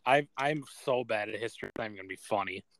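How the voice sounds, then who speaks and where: A man's voice: lowish voice, very fast, fairly bright tone. A young man co-hosting a podcast, chatting casually, swearing often and laughing at himself. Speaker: podcast co-host. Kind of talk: casual chat.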